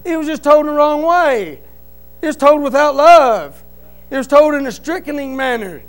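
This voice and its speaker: A man giving an emotional church testimony in plain, folksy speech, repeating his phrases and swinging between loud fervent cries and quiet, hushed stretches. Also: very high-pitched, expressive, moderate pace, low-quality recording. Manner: fervent, rising to loud cries then dropping to a quiet hush.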